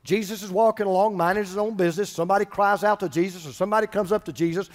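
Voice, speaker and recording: A man preaching a sermon as pastor, animated, swinging between loud passages and hushed ones. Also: high voice, racing. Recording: hall reverb.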